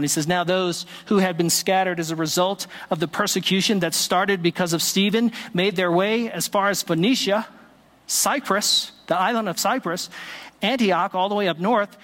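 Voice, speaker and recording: A man's voice: sits high, a bit bright. A man preaching a sermon as pastor, telling a story with quoted dialogue and occasional "uh" fillers. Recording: long hall reverb.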